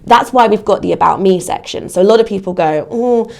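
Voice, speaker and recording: A casting platform adviser, a woman with a gravelly mid-range voice and a quick pace, offers career advice as a guest in a podcast interview. Her talk is casual and sprinkled heavily with "you know."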